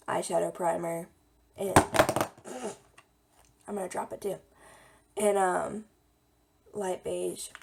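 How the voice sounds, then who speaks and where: A young woman talks through her makeup routine in a relaxed, chatty way, her voice a little hoarse and gravelly. Her tone sits low and mellow. A faint hum of noise runs behind her. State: slightly hoarse. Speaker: beauty vlogger. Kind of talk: casual makeup tutorial.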